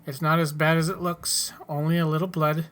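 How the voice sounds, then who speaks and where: A man voicing a wounded frontier mother with a British accent, speaking gently and earnestly in a raised voice. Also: a little high, little pitch movement, fairly quick, clear, resonant tone, natural voice. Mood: brave.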